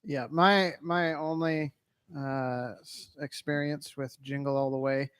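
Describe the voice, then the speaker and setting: A man with a slightly high voice who tells relaxed, wry stories in casual podcast chat. His voice is recorded dry, with no room sound. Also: takes it slowly, clear, resonant tone, dry recording. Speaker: podcast co-host.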